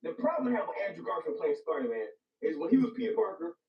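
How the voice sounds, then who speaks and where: Hyped, gravelly young-sounding man. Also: sits high, huge pitch swings, fast talker. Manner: hyped, profane, repeats phrases. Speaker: movie reviewer. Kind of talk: casual movie review chat. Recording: echoey room, distant dull mic.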